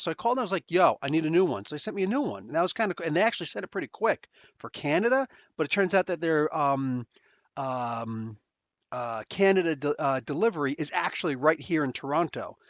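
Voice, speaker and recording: Fairly quick and fairly high, with a sing-song lilt and a fairly bright tone, this New Jersey-accented podcast host meanders through a casual story. He uses lots of slang, fillers, and restarts; the audio is dull, with no room sound.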